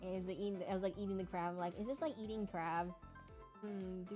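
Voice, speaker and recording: A woman's voice: medium pitch, steady tone, fast, warm tone, soft background music. Chatty young woman streamer rambling playfully. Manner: rambling, playful, talks to chat, hums. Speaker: streamer drawing for chat. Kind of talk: casual chat while drawing.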